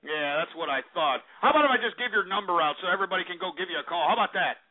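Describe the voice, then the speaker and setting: A man's voice: high-pitched, expressive, racing. A man hosting a call-in radio show, brash and insulting, rambling with lots of fillers. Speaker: radio host. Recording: tinny phone-like radio sound.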